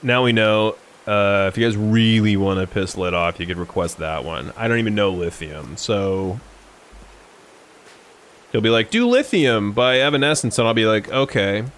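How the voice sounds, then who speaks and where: A man's voice: fairly low pitch, normal speed, fairly bright tone, slight background noise. A man casually chatting and joking on a live stream while playing a game, sometimes breaking into song. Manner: joking, sings song snippets.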